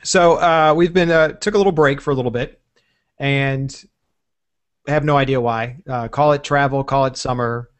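A man's voice: medium pitch, moderate pace. Easygoing man hosting a tech podcast. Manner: relaxed, joking, rambling. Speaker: podcast host. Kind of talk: casual tech podcast chat.

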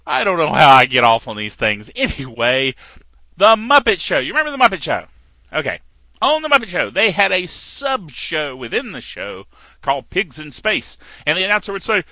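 Bright, rambling middle-aged male host. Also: on the high side, dry recording. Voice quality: slightly gravelly. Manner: rambling, digressive, chuckling at his own jokes. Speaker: tech podcast host. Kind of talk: casual tech news commentary. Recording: dull lo-fi dry recording.

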